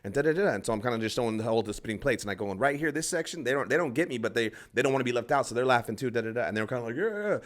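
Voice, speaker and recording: A man's voice: mid-range voice, racing, hardly any pauses. A man, a stand-up comedian, telling a rambling story in casual podcast talk, acting out other people's lines and swearing freely.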